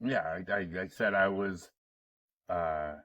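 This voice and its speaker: A man's voice: deep voice, slow pace, fairly bright tone, far from the mic, highs cut off. A middle-aged man hosting a casual conversation, telling stories and laughing often. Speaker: podcast host.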